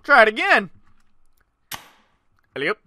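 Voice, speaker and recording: A gaming channel host giving let's-play commentary, excitable, yelling and swearing at the game. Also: medium pitch, takes it slowly.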